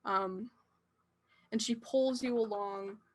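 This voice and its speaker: Slow-speaking woman game master. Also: mid-range voice. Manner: hesitant, with fillers. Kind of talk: narrating a tabletop game.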